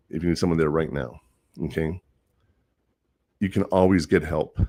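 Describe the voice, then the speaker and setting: A middle-aged man with a very low voice tells stories from his counseling work in an easy, rambling way. He loops back with plenty of fillers, sincere and plain-spoken. The sound is dry and close. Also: no echo. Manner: rambling, earnest storytelling with many fillers. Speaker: teacher and counselor. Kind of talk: casual monologue.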